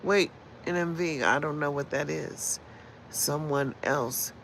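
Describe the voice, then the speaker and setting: A woman's voice: sits low, slow pace, a bit bright, slight background noise, rough recording. A woman in her sixties ranting bluntly and profanely on a casual livestream, rambling from point to point. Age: 60s. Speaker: livestream host. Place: in Las Vegas.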